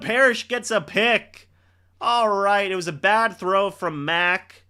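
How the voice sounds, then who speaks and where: A young man hosting a live reaction stream, calling the plays and shouting and teasing players on big moments. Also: high voice, slow pace, smooth. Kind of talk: excited live play-by-play reaction.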